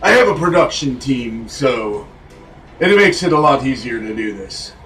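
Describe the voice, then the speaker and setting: A man's voice: mid-range voice, sing-song, moderate pace, fairly bright tone, recorded from a distance, slight background noise. A man voicing a jolly adult male pirate, in rambling, casual pirate talk. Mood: jovial.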